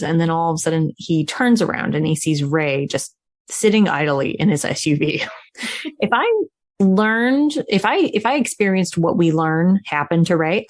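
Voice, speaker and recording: A woman's voice: on the low side, no echo, clean studio sound. A woman casually recapping a film as a podcast co-host, chatty and laughing often. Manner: chatty storytelling with frequent laughs.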